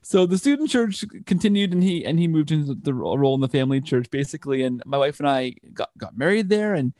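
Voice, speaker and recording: A fast-talking, animated interview guest with a fairly high, mellow voice tells a long personal story conversationally. He rambles, restarts frequently and adds asides along the way. The sound is dry and studio-grade.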